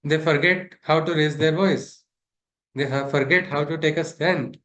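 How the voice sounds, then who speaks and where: A man's voice: fairly high pitch, steady tone, a little slow, a bit bright. A man teaching a scripture class, talking things through and asking his listeners rhetorical questions. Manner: discursive, asks rhetorical questions. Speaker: spiritual teacher.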